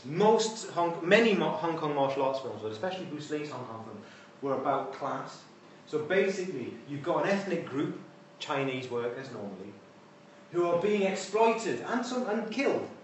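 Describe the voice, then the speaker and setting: A man's voice: a little high, big pitch swings, normal speed, recorded from a distance, slight background noise. Man lecturing in echoey hall. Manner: conversational, wry asides. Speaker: university lecturer. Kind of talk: informal lecture. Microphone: distant room mic.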